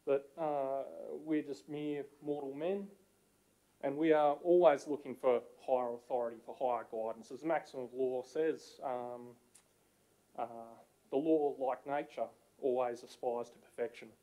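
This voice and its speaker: A man's voice: mid-range voice, fairly even intonation, unhurried, pauses often, mellow, poor audio. A man giving an earnest, repetitive public address at a council meeting. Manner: earnest, repetitive, fervent, swells and drops in volume.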